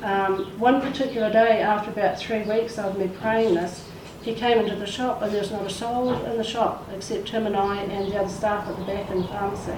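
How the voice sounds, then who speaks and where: A woman's voice: medium pitch, fairly even intonation, a little fast, hardly any pauses. Woman telling a testimony in an echoey room. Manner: emotional storytelling, acts out quoted voices. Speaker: church speaker sharing a testimony. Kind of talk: testimony in a church service. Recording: echoey room, far from the mic, faint noise.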